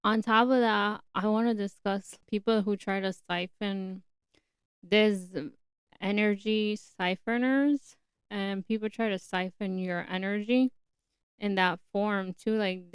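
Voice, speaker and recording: Smooth-voiced blunt young woman podcaster. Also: medium pitch, steady tone, slow, dry recording, studio quality. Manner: blunt, opinionated and chatty. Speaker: podcast host. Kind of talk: casual solo podcast talk.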